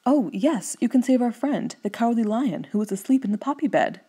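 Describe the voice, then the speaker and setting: A woman voicing an eager male scarecrow stuffed with straw in a storybook reading, talking quickly and earnestly. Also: lowish voice, lively intonation, warm tone, breathy edge.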